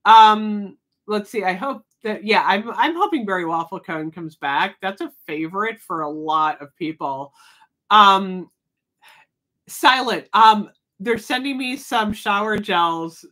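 A woman hosts a relaxed live chat, talking to her viewers and answering their comments as they come in. Her voice sits at an ordinary pitch, and she laughs easily between remarks. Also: takes it slowly. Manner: chatty, reading viewer comments, laughs often. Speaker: livestream host.

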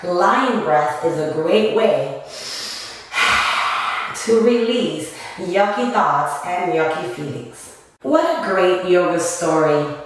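A woman teaching a children's yoga and movement lesson, telling an animal story in a slow, singsong way. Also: on the low side, animated, slight background noise. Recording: echoey room from a distance.

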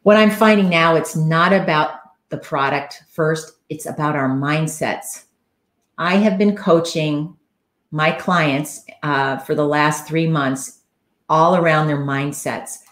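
A woman's voice: deep voice, slow pace, reverberant. A woman coach giving an earnest, conversational solo talk on a live stream, with frequent fillers.

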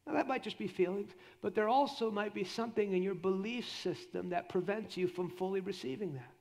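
A middle-aged man preaching at a church conference. His voice sits high and has a gravelly fry to it. He preaches with animation and drops low and quiet when he acts out prayers. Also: brisk. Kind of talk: sermon.

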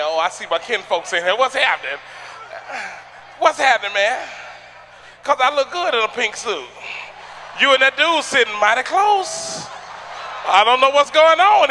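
A man from Atlanta doing loud, profane stand-up comedy on stage, teasing the crowd and shouting punchlines. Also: extremely high pitch, slight background noise. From Atlanta, USA.

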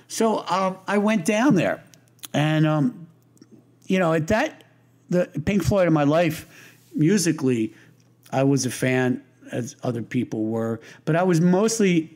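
A man's voice: fairly high pitch, animated, unhurried, darkish tone. An older man, a guest in an interview, telling stories in a loose, rambling way with restarts, fillers and wise-guy humor. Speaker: interview guest, lighting designer. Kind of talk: casual anecdotal storytelling.

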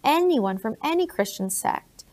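A woman reading a blunt colonial gentleman. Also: high voice, sing-song, unhurried, pitched above the performer's own voice. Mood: grave. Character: male colonial gentleman, older, blunt and grave. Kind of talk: audiobook reading.

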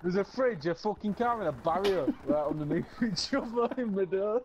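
A young man in casual, excitable game chat, swearing and laughing often. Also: high voice, normal speed, highs cut off, crowd noise. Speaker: gamer.

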